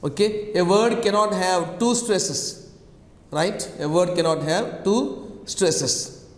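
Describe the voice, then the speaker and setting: A male teacher with a high voice lectures slowly and deliberately, going over each point again and tagging it with "right?" His voice rings in an echoey room with a long reverb tail. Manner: repeats key phrases, checks with "right?". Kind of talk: classroom lecture.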